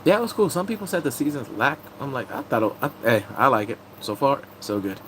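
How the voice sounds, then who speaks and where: A man casually recapping TV episodes, excitable and rambling, breaking into sudden high squeals. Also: fairly quick, slight background noise, low-quality recording. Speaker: TV recap host.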